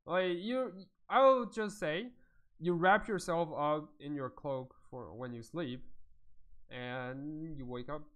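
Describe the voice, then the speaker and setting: A man's voice: a little high, takes it slowly. A man narrating as game master of a tabletop game in a loose way, with plenty of fillers and frequent laughs.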